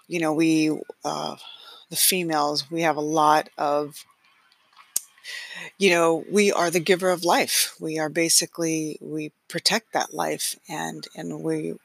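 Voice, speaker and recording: A woman's voice: low voice, fairly bright tone, no room sound. A middle-aged woman hosting her own podcast, telling a personal story in a chatty way, with frequent laughs and restarts. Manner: chatty, many fillers and restarts, laughs often. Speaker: podcast host.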